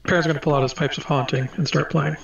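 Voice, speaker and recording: A man's voice: fairly high pitch, fairly even intonation, fast talker, creaky. A man playing a tabletop game, talking in a hesitant way. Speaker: player. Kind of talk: casual tabletop play. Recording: distant dull echoey mic.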